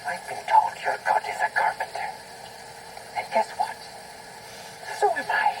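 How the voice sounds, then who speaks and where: A man's voice: normal speed, natural voice. An actor playing an eccentric Viking shipbuilder, a man taunting an enemy in a playful tone. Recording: noisy TV playback.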